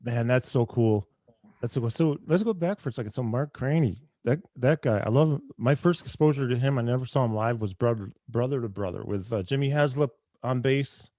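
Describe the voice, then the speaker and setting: A male interviewer in casual conversation with a guest. His voice sits mid-range and sounds dry and close, with no room around it. He reacts with quick, enthusiastic admiration. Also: medium pitch, mellow, no echo. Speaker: host, interviewer.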